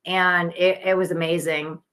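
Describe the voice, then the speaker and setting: A woman's voice: lowish voice, little pitch movement, measured pace. Tired, chatty psychic woman streaming live. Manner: chatty and earnest, many restarts, gentle guiding talk. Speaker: psychic tarot reader hosting a live stream. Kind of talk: casual live-stream chat.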